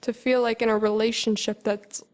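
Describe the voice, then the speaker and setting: A woman's voice: a little high, level tone, moderate pace, vocal fry. A woman guest in a casual chat, telling a story in a chatty way with lots of fillers.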